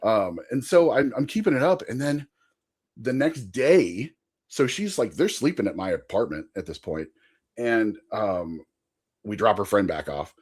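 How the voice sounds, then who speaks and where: Lively man rambling through a funny story. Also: lowish voice, unhurried, husky. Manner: animated, laughing, rambling anecdote. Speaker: podcast guest. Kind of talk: casual storytelling.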